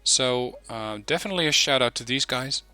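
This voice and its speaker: A man talks through a strategy game replay in a loose, conversational way, pausing on ums as he thinks. His voice has a bright, forward edge. The recording is dry and close, with no room sound. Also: mid-range voice, dry recording, faint music behind. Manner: relaxed, chatty, many ums. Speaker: gaming channel host. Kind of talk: casual replay commentary.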